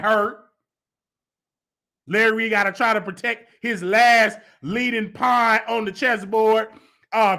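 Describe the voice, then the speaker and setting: A male gossip show host speaks in a high, sharp, tense voice. He comments in a heated, sarcastic tone, mocking the people he talks about.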